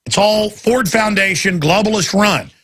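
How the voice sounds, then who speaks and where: A man's voice: sits high, a little slow, a bit bright, breathy edge. A man hosting a talk radio show, ranting emphatically in a heated monologue and taking callers. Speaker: radio host.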